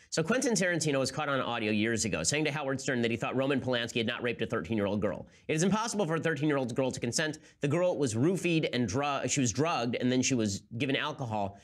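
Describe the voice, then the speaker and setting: A man's voice: mid-range voice, a bit bright. A man hosting a political commentary show, talking in a sarcastic, incredulous way. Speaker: host.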